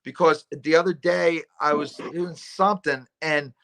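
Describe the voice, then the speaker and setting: A middle-aged man hosting a casual chat, rambling through animated stories and acting out voices. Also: on the high side, unhurried, gravelly. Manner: rambling, animated storyteller who acts out voices. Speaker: talk show host.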